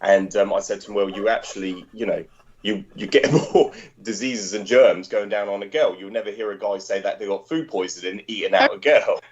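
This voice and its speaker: A man's voice: fairly low pitch, brisk, dull audio. A man calling in to a casual chat, rambling through anecdotes and laughing mid-sentence. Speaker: caller.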